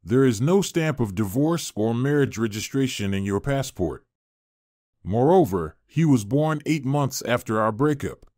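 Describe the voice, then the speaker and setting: A man voicing a proud, hurt man who speaks in a steady, accusing way, in a storybook reading. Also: medium pitch, measured pace, no room sound, studio quality, lightly acted.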